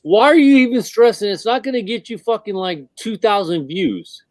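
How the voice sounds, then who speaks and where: A man's voice: high-pitched, animated, moderate pace, dry recording. A man co-hosting a casual livestream, blunt and teasing, swearing often. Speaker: livestream co-host.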